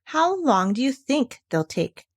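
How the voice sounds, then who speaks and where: A woman voicing a small, eager young kangaroo boy in a storybook, squeaky and breathless. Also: sing-song, a little slow, no echo, studio quality, exaggerated voice. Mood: excited.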